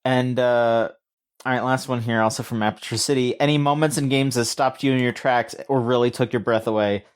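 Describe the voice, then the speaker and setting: A man's voice: mid-range voice, steady tone, brisk, clear, resonant tone. Rambling laid-back male podcast co-host. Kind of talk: casual chat.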